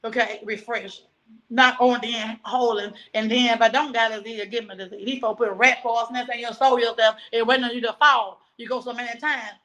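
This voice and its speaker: A woman with a high, bright voice delivers a rambling monologue, sliding from preachy advice into an agitated story. She jumps between topics and often turns loud and worked-up. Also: fairly even intonation, a little fast, rough recording. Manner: grows loud and agitated telling her story.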